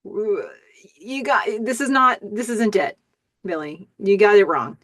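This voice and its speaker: A woman's voice: mid-range voice, animated, slow, fairly bright tone, no room sound. A woman voicing an upset young woman who pleads and pushes back, her voice rising.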